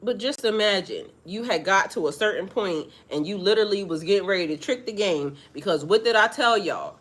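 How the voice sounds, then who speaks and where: A woman giving a casual spiritual monologue to her viewers, profane and animated, laughing often. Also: mid-range voice, fairly quick. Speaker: spiritual reader.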